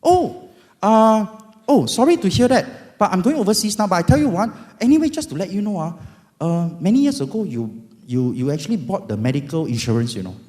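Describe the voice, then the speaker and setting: A man voicing a chirpy young male insurance agent with a Singaporean accent, brisk and reassuring. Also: sits high, big pitch swings, a little mellow, voice pushed up. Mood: cheery. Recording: long hall reverb.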